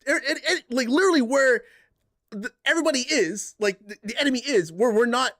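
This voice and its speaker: Lively high-voiced man ranting. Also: brisk. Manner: heated, profane ranting with repetition. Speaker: podcast host. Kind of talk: casual gaming podcast chat.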